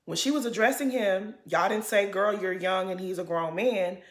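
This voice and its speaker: A woman's voice: medium pitch, normal speed, roomy sound. A woman giving a casual, opinionated recap of a reality show, bluntly acting out what the cast said.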